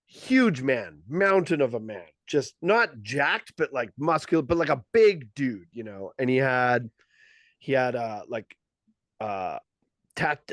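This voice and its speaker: A man's voice: medium pitch, dry recording. A man, a comedian, telling a story in casual podcast chat and acting out the lines of the people in it. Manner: animated storyteller, acts out quoted lines.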